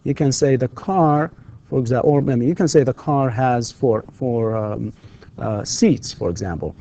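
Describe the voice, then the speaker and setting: A man teaches English to distance-learning students, slipping into to explain and pausing often on fillers. His voice is mellow and mid-pitched. The recording is dull and lo-fi. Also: a little hiss or hum.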